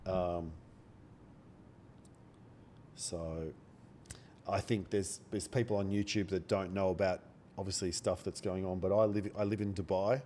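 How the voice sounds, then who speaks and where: Low-voiced aussie guy with a cold, mumbling quiet and blunt right into the mic, faint hiss behind. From Australia. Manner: speaks quietly, blunt and swearing. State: has a cold. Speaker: day trader live-streaming. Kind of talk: quiet live-stream chat. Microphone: microphone held very close.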